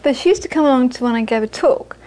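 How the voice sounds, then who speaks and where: A woman's voice: sits high, lively intonation, fast talker, darkish tone, low-quality recording. A middle-aged woman teaching Buddhism in an informal talk, chatty and repeating phrases for emphasis, often laughing. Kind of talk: informal dharma talk to an audience.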